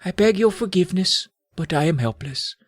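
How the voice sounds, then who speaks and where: A man's voice: sits high, animated, moderate pace, no echo, voice pushed up. A man voicing a sorrowful old male wizard in a put-on British accent, lofty and theatrical with a shaky voice.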